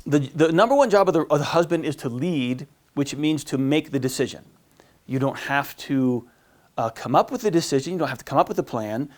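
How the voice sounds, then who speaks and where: Priest teaching a marriage class, kinda high voice, rambly, lots of ums and restarts, acts out little voices. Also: male voice, animated, brisk, darkish tone. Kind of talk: informal teaching talk.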